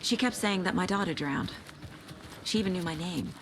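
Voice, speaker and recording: An actress playing a calm, focused female federal agent who speaks in a composed, businesslike way. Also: fairly low pitch, normal speed, background noise, natural voice. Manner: composed, businesslike, matter-of-fact.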